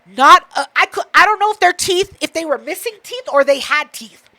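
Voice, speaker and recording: A woman co-hosting a podcast, telling a story in casual chat, profane and animated, acting out what others said. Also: very high voice, normal speed. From Mexican heritage. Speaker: podcast co-host.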